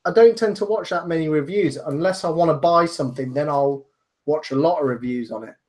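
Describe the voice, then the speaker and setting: A man from England giving his view in a casual panel chat, measured and hesitant with frequent ums. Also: fairly high pitch. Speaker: panel guest.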